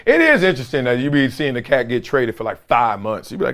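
A middle-aged man hosting a sports podcast, talking in a slangy, animated way and acting out his stories. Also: medium pitch, fast. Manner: animated, slangy storyteller who acts things out. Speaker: podcast host, former football player. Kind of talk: casual sports commentary.

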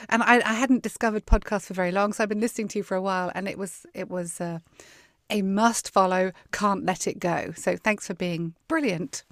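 A woman's voice: medium pitch, a bit bright, dry recording, studio quality. A woman in her fifties with a southern English Dorset accent, a podcast guest chatting cheerfully and laughing often. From south coast of England. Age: 50s. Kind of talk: casual interview chat.

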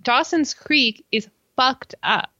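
Lively woman chatting on a podcast, bright voice, dry dull-sounding mic. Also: slow pace, no room sound. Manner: animated, swearing, jumps into high mock voices. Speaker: podcast co-host. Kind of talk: casual chat recapping a TV show.

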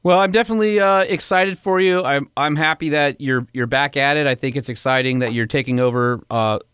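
Smooth-voiced man co-hosting, dry sound. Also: medium pitch, a bit bright, dry recording. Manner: jokey, playful banter. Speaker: podcast co-host. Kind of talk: casual radio chat.

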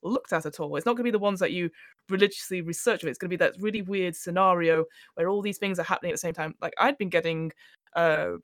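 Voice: medium pitch, quick pace, a bit bright, dry recording. A podcast guest who also runs games talks shop about game mastering, chatty and reflective. The speech is full of "you know"s and easy asides. The recording is close and completely dry. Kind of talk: casual podcast chat about tabletop games.

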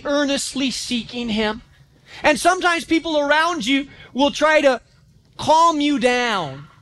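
A pastor preaching a sermon in a church, telling stories with animation and acting out quotes. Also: male voice, extremely high pitch. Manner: animated storytelling, acts out quotes.

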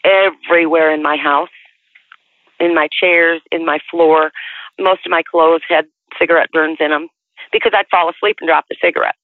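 A woman in her sixties tells her life story over the telephone, chatty and rambling and often restarting her sentences. Her voice comes through a tinny, narrow phone line with a dry, close sound and no room echo. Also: lowish voice. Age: 60s. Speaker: interviewee.

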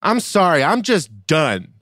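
A man's voice: on the high side, unhurried, dry recording. A man co-hosting a comedic chat show, ranting in mock outrage and joking around. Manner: animated, mock-outraged, jokey rants. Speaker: podcast co-host.

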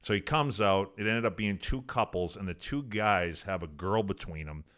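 A man telling profane, animated stories as a podcast guest, laughing as he goes. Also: deep voice, moderate pace. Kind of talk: casual storytelling.

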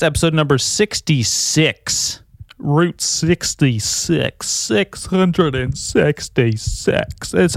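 A man's voice: fairly high pitch, dry recording, studio quality. A young adult man hosting his own podcast from a bedroom at home, rambling, swearing freely and poking fun at himself. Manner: rambling, profane, self-mocking. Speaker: podcast host. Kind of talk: casual solo podcast chat. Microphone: new desktop recorder.

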